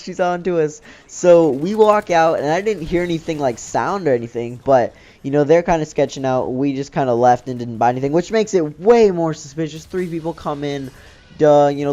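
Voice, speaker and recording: A man's voice: a little high, mellow, highs cut off. A man casually telling a childhood story over game commentary, rambling with lots of fillers. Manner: rambling, loose, filler-heavy talk. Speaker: gaming channel host.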